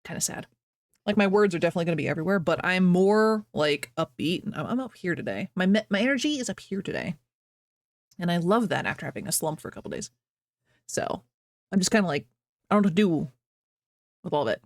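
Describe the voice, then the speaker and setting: A woman's voice: fairly low pitch, sing-song, fast talker, long pauses, no room sound. A woman streamer chatting casually to her viewers from her home office, bubbly, rambling and self-deprecating. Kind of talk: casual live-stream chat.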